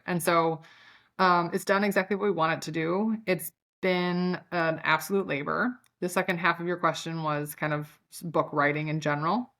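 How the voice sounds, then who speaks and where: A woman's voice: fairly low pitch, normal speed, fairly bright tone. A woman with a Chicago accent, a podcast guest talking candidly and with self-deprecating humor, with many fillers. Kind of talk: casual interview chat.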